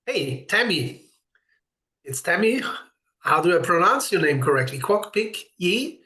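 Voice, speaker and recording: A man's voice: high voice, sing-song, unhurried, bright, forceful tone. A man hosting a live ritual session, giving an earnest spiritual teaching, explaining things and greeting viewers by name. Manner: earnest and explanatory, with brief laughs.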